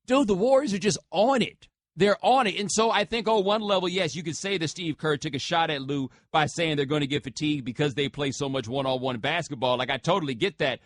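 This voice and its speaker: A man's voice: a little high, fairly quick, few pauses, dry recording, clean studio sound. Joking man hosting sports talk radio. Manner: loose and joking, slangy asides like "bro" and "man". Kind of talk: casual talk radio, taking calls. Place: radio studio. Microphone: studio microphone.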